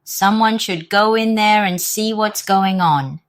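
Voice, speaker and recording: A woman voicing a gruff, bossy male robber leader in a storybook, growling out orders. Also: medium pitch, slow, voice pushed up, close to an everyday voice. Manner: growling and commanding.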